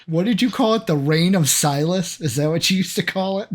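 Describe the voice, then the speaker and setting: A man's voice: high-pitched, a little fast, slight background noise. A man hosting a casual sports talk show, upbeat and jokey as he moderates. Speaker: host.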